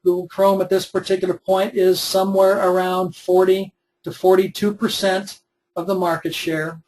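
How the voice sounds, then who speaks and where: A man's voice: high-pitched, level tone, moderate pace, darkish tone, poor audio. A man in his twenties, teaching a recorded web development webinar in a conversational, step-by-step way with frequent fillers. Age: 20s.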